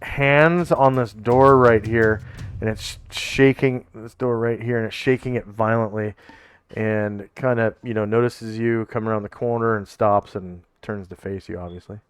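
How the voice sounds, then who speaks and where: A man's voice: on the low side, fairly even intonation, moderate pace, smooth, faint music behind. A man narrating as game master of a tabletop game in a laid-back, descriptive way.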